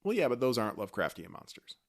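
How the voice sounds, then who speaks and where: A man co-hosting a podcast, chatting casually and playfully about a TV episode like an excited fan. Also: medium pitch, very fast. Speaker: podcast co-host. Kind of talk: casual chat recapping a TV episode.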